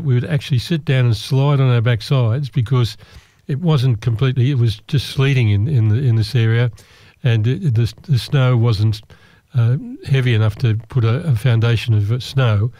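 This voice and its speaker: Casting note: male raconteur, middle pitch, mellow and relaxed, self-deprecating humour. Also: no echo. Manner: self-deprecating, wry, rambling with restarts. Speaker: storyteller. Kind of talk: personal anecdote told to listeners.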